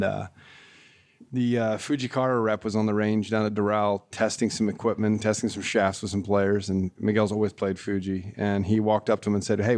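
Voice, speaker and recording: A man with a low, gravelly voice chats as a guest on a casual podcast. He rambles through anecdotes, filling gaps with "uh" and breaking into laughter, in a relaxed conversational way. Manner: rambling anecdotes, frequent laughs, many fillers. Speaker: golf equipment tour rep, guest.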